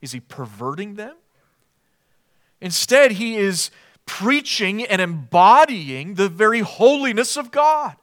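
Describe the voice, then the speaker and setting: A man's voice: high-pitched, big pitch swings, slow, a bit bright. A man preaching an expository sermon in an earnest, emphatic way, posing rhetorical questions to his listeners.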